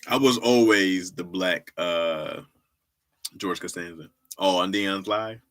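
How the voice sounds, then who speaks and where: A man with a low voice and a fairly bright tone speaks slowly. A livestream host and comedy writer, he chats casually with viewers in a relaxed, slangy way and laughs often.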